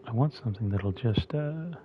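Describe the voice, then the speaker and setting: A man's voice: medium pitch, expressive, moderate pace, highs cut off, a little hiss or hum. A man casually thinking aloud as he plays a game, talking with a mint in his mouth. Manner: mumbly and musing, thinking aloud. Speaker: gameplay streamer. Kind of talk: casual gameplay commentary.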